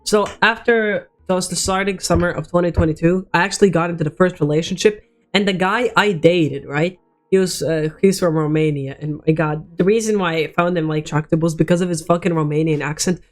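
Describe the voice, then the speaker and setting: A man's voice: fairly high pitch, fairly even intonation, fairly quick, faint music behind. A teenage boy telling a personal story as a vlogger, rambling and swearing, with many restarts. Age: teens.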